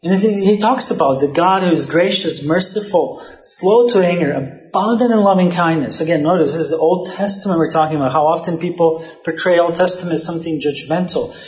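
A man's voice: fairly high pitch, fairly quick, hardly any pauses, lo-fi sound. Conversational male pastor in a roomy space. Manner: conversational preaching with frequent "you know" asides. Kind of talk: sermon.

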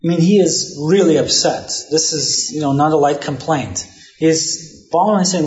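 A male pastor preaches in an easygoing, talky manner, scattering asides through his points. His voice sits a little high for a man. The recording is roomy and slightly dull, as if taken in a reverberant hall. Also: normal speed, a little mellow. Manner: conversational preaching with frequent "you know" asides. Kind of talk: sermon.

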